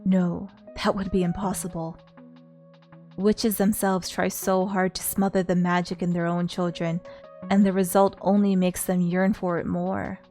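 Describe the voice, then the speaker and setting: A woman's voice: on the low side, level tone, measured pace, mellow, soft background music. A woman streamer reading a story game aloud in an earnest way, stopping now and then to talk with her viewers.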